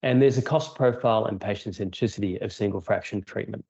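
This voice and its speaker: A man, a radiation oncologist giving a measured, technical conference talk over a video call. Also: lowish voice, creaky, a little mellow, husky. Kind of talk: prepared conference lecture. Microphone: remote video call. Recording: dull lo-fi video call audio.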